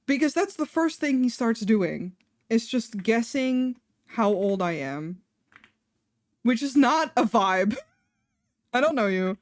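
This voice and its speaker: A woman's voice: mid-range voice, no echo, clean studio sound. A young adult woman streamer telling a personal story in a chatty way, full of fillers and laughing between lines. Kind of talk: casual storytelling on a live stream.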